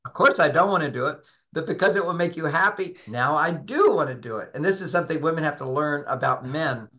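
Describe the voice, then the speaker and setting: Bright, emphatic man giving advice. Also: fairly high pitch, expressive, brisk. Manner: tells anecdotes, acting out both sides of dialogues; emphatic, instructive. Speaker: relationship author and guest. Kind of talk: conversational advice talk.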